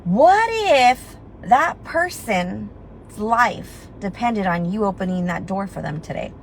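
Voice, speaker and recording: A woman's voice: mid-range voice, expressive, slow pace, a little hiss or hum, poor audio. A woman with a slight lisp giving a chatty, motivational recruiting talk, acting out her own inner voice and laughing at herself. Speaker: network marketing team leader.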